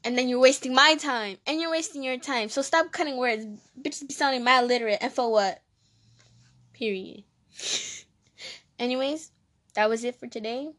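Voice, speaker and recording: A woman's voice: high-pitched, normal speed, long pauses, fairly bright tone. A young woman with a New Jersey accent hosting a casual comedic monologue, brash, sassy and profane. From Jersey City, New Jersey. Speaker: comedy podcast host.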